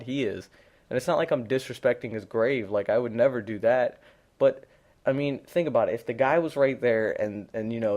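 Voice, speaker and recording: A man's voice: medium pitch, a little mellow. A teenage boy doing unscripted gameplay commentary, rambling and blunt, with many fillers and restarts. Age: teens. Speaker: gaming commentator.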